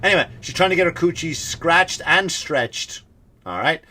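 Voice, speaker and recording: A man's voice: on the high side, lively intonation, normal speed, pushed and bright. A male comedian hosting his podcast, ranting with sarcastic, mock-serious asides. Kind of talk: comedic rant.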